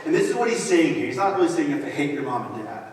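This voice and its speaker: A man's voice: fairly high pitch, big pitch swings, racing, distant mic, a little hiss or hum. Man preaching a casual, joking sermon. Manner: conversational, joking asides. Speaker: pastor. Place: large church auditorium. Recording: echoey hall, mic from afar.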